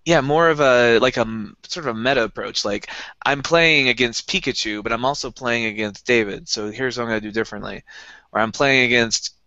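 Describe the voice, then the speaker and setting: A man's voice: mid-range voice, brisk, pushed and bright, dry recording, muffled recording. A man co-hosting a casual podcast, tossing in wisecracks. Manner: wisecracking interjections. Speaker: podcast co-host.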